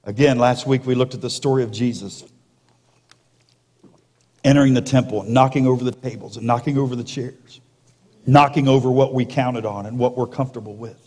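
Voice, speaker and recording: A male pastor preaching a sermon, slowing down and dropping to a hush for emphasis, with jokey asides to the congregation. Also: mid-range voice, steady tone. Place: church sanctuary. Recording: long reverb of a large hall.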